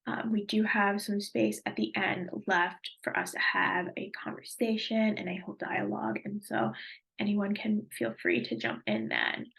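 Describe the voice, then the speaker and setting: A woman presenting a webinar, guiding a group discussion in a measured, affirming way, with soft half-whispered asides. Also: mid-range voice, vocal fry.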